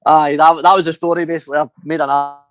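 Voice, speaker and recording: Sweary young Scottish fighter, dry sound. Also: male voice, on the high side, little pitch movement, quick pace, no echo, poor audio. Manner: rambling storytelling, heavy swearing. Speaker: MMA fighter, interview guest. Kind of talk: casual interview chat.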